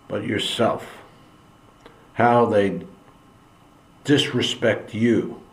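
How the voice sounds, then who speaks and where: Man, opinion monologue, slow-paced, earnest, preachy, repetitive emphasis, echoey room. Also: fairly low pitch, a little mellow. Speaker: political commentary channel host.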